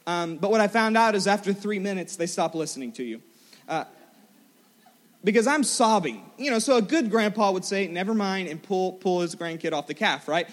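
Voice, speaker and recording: A young man preaching a sermon, telling a self-mocking story in an animated way. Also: high-pitched, normal speed. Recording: large hall with long reverb.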